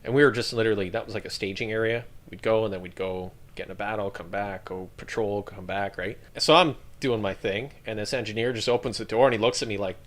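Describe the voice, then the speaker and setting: A man's voice: lowish voice, fast, hardly any pauses. Man, army veteran guest, casual profane storyteller. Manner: profane, laughing and animated while telling stories. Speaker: podcast guest, retired army infantry veteran.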